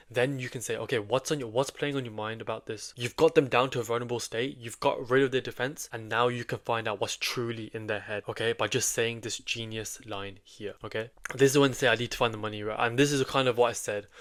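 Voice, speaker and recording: A British man giving a casual sales and software tutorial, chatty and loose, often checking in with "right?" and "okay?". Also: medium pitch. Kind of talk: casual instructional talk.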